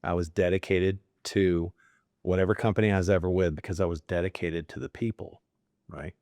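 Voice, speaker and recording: Low-voiced middle-aged man, emotional. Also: little pitch movement, a little fast, no room sound. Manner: warm, emotional, rambling with fillers. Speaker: company CEO. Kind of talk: sit-down interview.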